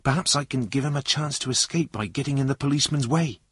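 A man playing a calm lorry driver. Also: mid-range voice, fast, breathy edge, dry recording, studio quality, voice pushed up. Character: steady adult lorry driver.

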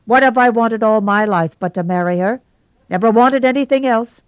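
A woman's voice: a little high, normal speed, clear, resonant tone, no room sound, voice pushed up, natural voice. A woman voicing a sulky, exasperated young man in a storybook reading. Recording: dull lo-fi recording.

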